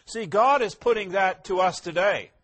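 A man preaching a sermon, posing rhetorical questions and answering them emphatically, his voice rising loud and dropping quiet. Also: sits high, moderate pace. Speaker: pastor.

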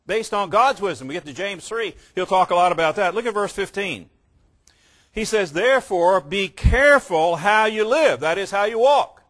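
A man preaching a sermon, emphatic, slowing down to stress key words and mimicking casual believers in quick asides. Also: high-pitched, animated, fairly bright tone.

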